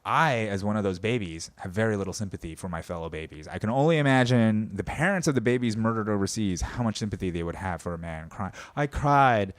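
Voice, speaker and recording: A man's voice: on the low side, expressive, fast talker, hardly any pauses, no room sound. A man hosting a podcast, delivering a sarcastic, profane comedic rant about politics and mocking people as he goes. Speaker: podcast host.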